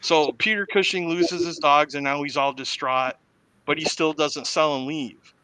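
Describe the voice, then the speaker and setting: A man with a bright, forceful voice retells a film plot in a casual way. He is a lively, animated storyteller, and his voice sits a little above most men's. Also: a little high, moderate pace, smooth, no echo, rough recording. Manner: animated storyteller who acts out the quotes. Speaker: podcast host.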